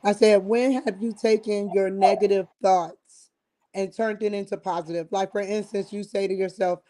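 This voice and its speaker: A woman's voice: mid-range voice, fairly even intonation, moderate pace, mellow. Woman host, direct prompting questions, remote call audio. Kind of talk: interview questions over a call. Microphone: remote call connection.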